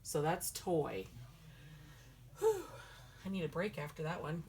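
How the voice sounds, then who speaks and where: A woman's voice: sits low, wildly swooping pitch, measured pace, darkish tone, a little hiss or hum. A woman teaching a language lesson, patiently repeating words syllable by syllable. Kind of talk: slow spoken language lesson.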